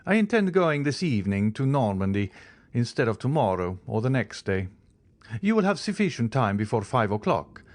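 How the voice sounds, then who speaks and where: A man reading the part of a mysterious, wealthy count in an audiobook, speaking in a measured, courteous way. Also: medium pitch, big pitch swings, darkish tone, no echo, lightly acted. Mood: composed.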